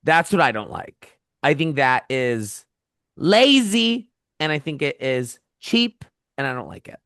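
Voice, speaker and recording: A man's voice: mid-range voice, normal speed, a bit bright, clear, resonant tone, no room sound, clean studio sound. A man co-hosting a casual podcast chat, playful and mock-outraged as he teases his friends. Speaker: podcast co-host.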